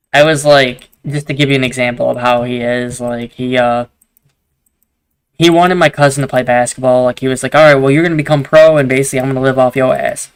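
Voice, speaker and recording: A man's voice: medium pitch, fairly bright tone, clean tone. A young man hosting a gaming video, telling long rambling stories in casual chat and swearing a lot.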